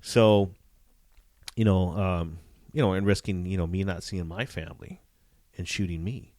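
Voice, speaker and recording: A man, a former police detective, telling profane, animated stories from his career in a casual interview. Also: sits low, normal speed, dry recording. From Southern California. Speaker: retired police detective, guest.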